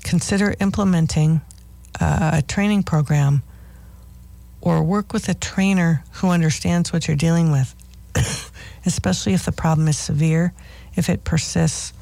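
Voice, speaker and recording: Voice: mid-range voice, fairly even intonation, unhurried, creaky, dark tone, dry recording. A radio host of a dog-training show, giving firm, instructive advice as a list of do's and don'ts.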